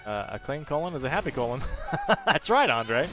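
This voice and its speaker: A man streaming a video game, chatting casually with his viewers, joking crudely and now and then bursting into loud hyped shouts. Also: medium pitch, sing-song, moderate pace, over music. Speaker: gaming streamer.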